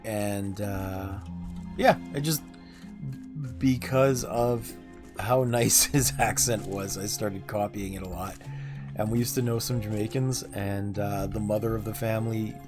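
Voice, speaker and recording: A man's voice: on the low side, steady tone, a little slow, over music. A man in his thirties chatting casually and rambling while livestreaming a game, chuckling often. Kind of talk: casual chat while gaming.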